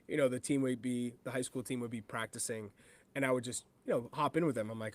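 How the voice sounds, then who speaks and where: A man from New Hampshire who is a former pro soccer forward, talking as a podcast guest in a casual, animated way and quoting himself as he tells stories. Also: medium pitch, fast talker. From New Hampshire, USA. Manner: animated storyteller, laughs often, quotes himself. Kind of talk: casual podcast chat, storytelling.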